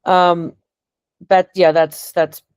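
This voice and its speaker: A middle-aged woman talks in a loose, rambling way, emotional and quick to laugh. Her voice sits low for a woman. The sound is dry and close. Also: level tone, a little mellow, smooth, no room sound. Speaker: client getting a reading. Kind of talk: casual conversation.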